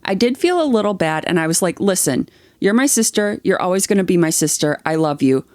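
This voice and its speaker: A woman's voice: lowish voice, expressive, a little fast, a little mellow, no echo. Woman reading posts aloud, dry sound. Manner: reads posts aloud, then chats with blunt, swearing opinions. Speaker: podcast co-host reading online posts. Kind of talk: reading aloud and casual chat.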